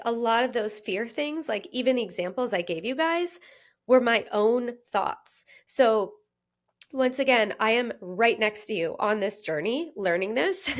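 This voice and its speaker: Earnest, laughing woman health coach. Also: on the high side. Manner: warm, earnest, laughs often, acts out inner voices. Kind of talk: solo podcast monologue.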